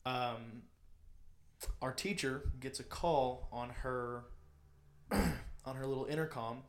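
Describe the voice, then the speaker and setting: Young guy on a podcast, telling a story, animated, does little voices for people. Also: medium pitch, takes it slowly. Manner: animated, acts out quotes in different voices. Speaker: podcast co-host. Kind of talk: casual storytelling chat.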